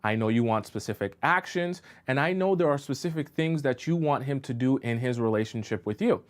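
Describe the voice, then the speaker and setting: A man's voice: mid-range voice, lively intonation, brisk. Man hosting a dating advice stream. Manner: conversational, checks in with rhetorical questions. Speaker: dating coach and show host. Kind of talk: live-stream advice talk.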